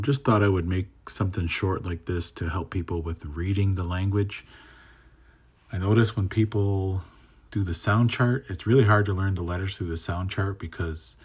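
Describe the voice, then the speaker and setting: A man teaching how to read a language, talking casually and repeating words slowly syllable by syllable, sometimes trailing into a whisper on the endings. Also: low-pitched, breathy edge. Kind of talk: casual spoken lesson.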